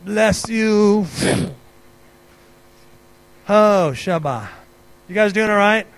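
A man preaching a charismatic sermon and praying over people, breaking into laughter and ecstatic shouts. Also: high voice, very slow, clear, resonant tone. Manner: speaking in tongues. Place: church hall with live worship music. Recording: music playing behind the voice.

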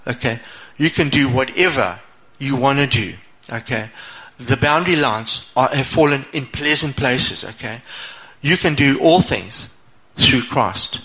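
A middle-aged man speaks in a loose, conversational way, checking in with his listeners and often restarting his phrases. His voice has a bright, forward edge, and his pitch sits in an ordinary male middle range. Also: a little slow, poor audio. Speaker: speaker sharing a personal testimony. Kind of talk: informal motivational talk.

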